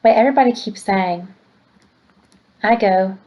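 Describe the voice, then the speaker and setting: A woman teacher reading a novel aloud to a class in a plain, steady storytelling way. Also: medium pitch, unhurried, muffled recording.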